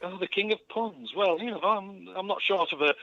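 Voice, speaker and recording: A man's voice: sits high, moderate pace, sharp tone, dry recording. A man calling in to a comic chat show, joking in a mock-posh way and calling the host dear boy. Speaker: caller. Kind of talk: casual comic phone chat. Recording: muffled phone-line call.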